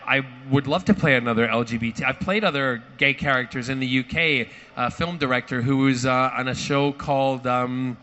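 A man telling a lively anecdote to a live audience, theatrical and acting out quoted voices. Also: medium pitch. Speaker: actor at a fan panel.

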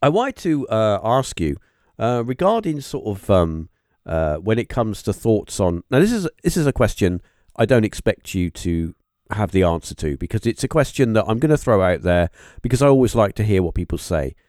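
A man hosting a podcast interview, talking in a halting, musing way with lots of fillers and restarts. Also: fairly low pitch, big pitch swings, a little mellow, no echo, clean studio sound. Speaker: podcast host. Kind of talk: casual interview chat.

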